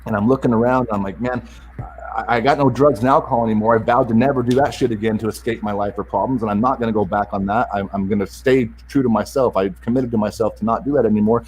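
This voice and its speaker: Earnest, halting man with a lowish voice. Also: fairly even intonation, darkish tone, slightly rough. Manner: earnest, halting, with frequent restarts and repeated words; openly emotional. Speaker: podcast guest, self-help author. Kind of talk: personal story told in an interview.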